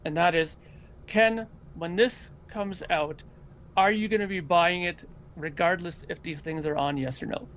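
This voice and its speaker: A man hosting a casual podcast chat, telling animated stories and acting out what other people said. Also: sits high, measured pace, muffled recording, a little hiss or hum. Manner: animated storyteller who acts out quoted people. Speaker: podcast host.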